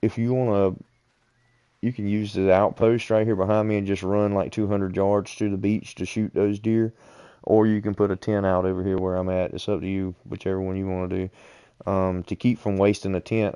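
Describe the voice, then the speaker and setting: Streamer, male, deep and mellow, calm guide to fellow players. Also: smooth, no echo. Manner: unhurried, explains directions to other players. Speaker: gaming streamer. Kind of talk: casual gameplay chat.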